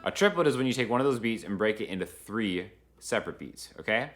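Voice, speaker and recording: A man's voice: on the low side, expressive, fast. A man teaching a guitar lesson in a casual, chatty way, counting beats aloud as he strums. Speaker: guitar instructor. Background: acoustic guitar playing.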